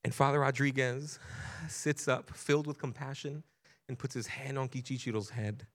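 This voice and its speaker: A man preaching a sermon at a medium pitch, telling a story in an earnest voice. He builds intensity as he goes and repeats phrases for emphasis. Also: fairly even intonation, normal speed. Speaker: pastor.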